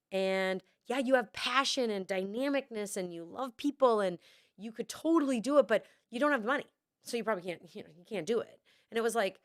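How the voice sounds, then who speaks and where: A woman's voice: mid-range voice, a bit bright, no echo. Candid, swearing woman podcaster, dry sound. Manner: candid, swears freely, emotional. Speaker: podcast host. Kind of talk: casual personal monologue.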